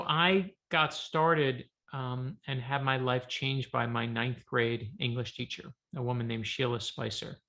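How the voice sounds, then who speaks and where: A middle-aged man with a bright, slightly gravelly voice, telling stories in a casual interview. He acts out the people he quotes with animated energy. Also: medium pitch. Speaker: author guest.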